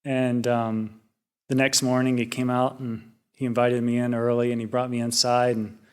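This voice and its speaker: A young junior Buddhist monk with a clean, mid-range voice shares a casual reflection, telling a personal story at a relaxed, rambling pace. He often restarts sentences and fills pauses with small hesitations.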